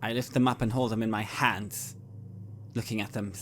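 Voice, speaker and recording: A man's voice: fairly low pitch, flat delivery, moderate pace, a bit bright, slight background noise. A man playing in a tabletop game, stating his character's actions plainly. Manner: plain, decisive statements of action. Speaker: player.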